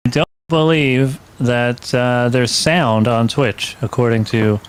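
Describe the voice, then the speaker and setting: A man's voice: medium pitch, slow, clear, resonant tone. A man co-hosting a live comedy stream, chatting casually and laughing at his own jokes. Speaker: co-host.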